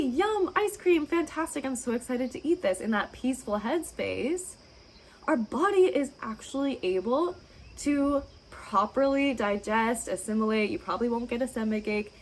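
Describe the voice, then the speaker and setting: A woman speaking as a registered dietitian, her voice sitting a little high as she offers advice directly to the camera. She sounds encouraging and reassuring, and she keeps asking rhetorical questions. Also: a little hiss or hum, low-quality recording.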